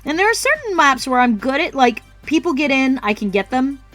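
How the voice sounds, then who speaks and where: A woman's voice: high voice, very animated, a little fast, a bit bright, faint music behind. Salty, swearing woman ranting on stream. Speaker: art streamer. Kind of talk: casual chat while streaming.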